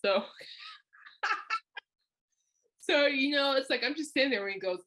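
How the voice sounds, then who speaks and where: A woman's voice: on the high side, animated, slow pace, pauses often, pushed and bright. A middle-aged woman hosting a podcast, chatting through a personal story, laughing often and acting out what others said. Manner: chatty, laughs often, acts out quoted people. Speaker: podcast host. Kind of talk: casual storytelling monologue.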